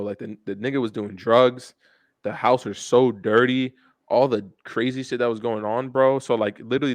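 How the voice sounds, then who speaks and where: A man's voice: fairly low pitch, dry recording. A young man co-hosting a podcast, telling rambling, profane stories in casual chat and calling everyone "bro". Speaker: podcast co-host.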